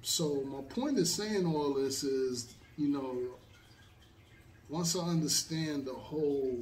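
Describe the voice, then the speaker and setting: A man's voice: fairly high pitch, slow, a little mellow, reverberant, far from the mic, a little hiss or hum. A man telling a long story in a casual, rambling way, with many fillers. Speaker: host.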